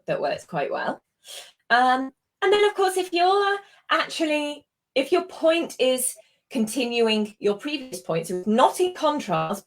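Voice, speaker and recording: A woman with a British accent teaching exam writing in a live session, patient and explaining with examples, with frequent ums. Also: fairly high pitch. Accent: British English. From Britain. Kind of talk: live online tutoring session.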